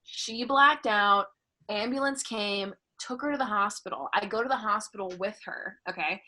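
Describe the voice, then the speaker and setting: Bright-voiced woman telling wild stories. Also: mid-range voice, moderate pace. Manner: candid, profane, bursts of laughter. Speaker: comedian guest. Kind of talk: casual storytelling chat.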